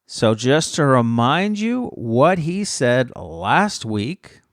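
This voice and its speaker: A man's voice: medium pitch, big pitch swings, slow, dry recording, studio quality. A man co-hosting a casual chat podcast, playful and teasing as he runs the segments. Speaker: podcast co-host.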